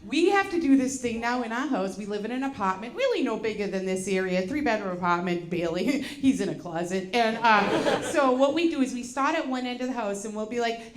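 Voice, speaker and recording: Stand-up comic, woman in her 40s, high-pitched and profane, recorded live in a roomy, noisy club. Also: animated. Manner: brash, profane and loud, quick to laugh. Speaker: stand-up comedian. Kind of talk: stand-up comedy set. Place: comedy show with laughing audience. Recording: echoey live venue with loud background noise.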